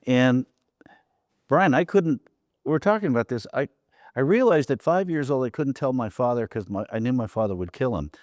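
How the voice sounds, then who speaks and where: A man's voice: mid-range voice, animated, normal speed, a little mellow, dry recording, clean studio sound. A man hosting a recovery talk show, speaking earnestly and openly. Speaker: host. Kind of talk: casual conversation.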